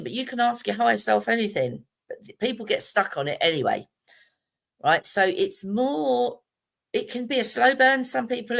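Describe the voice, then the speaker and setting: A woman's voice: medium pitch, gravelly, fairly bright tone. A middle-aged woman, talking casually and chattily about meditation on a live stream, rambling with fillers and restarts. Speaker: meditation teacher.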